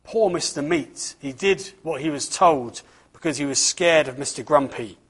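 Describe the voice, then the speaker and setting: A man's voice: on the high side, moderate pace, fairly bright tone, husky. A man giving a children's talk at church, reading a storybook aloud and asking the listeners questions.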